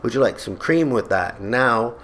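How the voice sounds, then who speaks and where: A man's voice: mid-range voice, expressive, moderate pace, fairly bright tone, slight background noise. Male vlogger, mid-range voice, sarcastic comic rant. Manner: sarcastic, exasperated ranting. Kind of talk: comedic ranting monologue. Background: faint background music.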